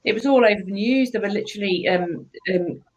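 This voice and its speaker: A woman's voice: mid-range voice, fairly quick, lo-fi sound, slight background noise. A woman co-hosting a casual podcast chat, speaking hesitantly with many fillers. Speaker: podcast co-host.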